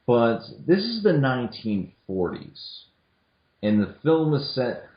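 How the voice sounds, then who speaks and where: A man's voice: mid-range voice, very animated, takes it slowly. A young man co-hosting a casual film discussion, talking hesitantly with many restarts and fillers. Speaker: podcast co-host. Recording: echoey room, dull lo-fi audio.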